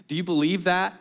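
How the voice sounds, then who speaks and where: A man preaching a sermon to his congregation, speaking earnestly and directly to them, rising to emphatic bursts and then dropping soft and low. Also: vocal fry. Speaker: pastor.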